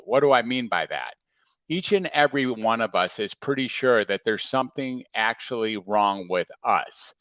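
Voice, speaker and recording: Calm male coach, reflective and steady, mid pitch, dry close mic. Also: no echo. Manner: calm, reflective, asks many rhetorical questions. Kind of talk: motivational talk to viewers. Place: home or office, livestream.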